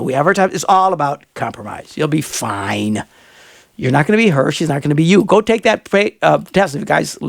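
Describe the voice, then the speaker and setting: Animated man telling wild stories on radio. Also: vocal fry, husky. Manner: animated storyteller, jumps into high excited voices. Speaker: radio host. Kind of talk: casual radio chat.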